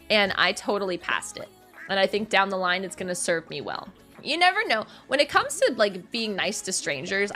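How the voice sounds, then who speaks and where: A woman's voice: mid-range voice, a bit bright. Young woman, streamer, casual chatter, giggly storyteller, self-mocking, faint game music behind. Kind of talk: casual chat while gaming on stream.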